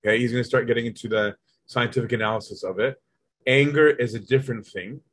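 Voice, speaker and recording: A man teaching in a relaxed, conversational way, with a voice of middling pitch. He breaks an old text down into everyday examples and keeps asking his listeners whether they follow. The recording is dry and close, with no room sound. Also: fast talker, dry recording. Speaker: teacher leading a study of an early Christian text. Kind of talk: casual spoken teaching.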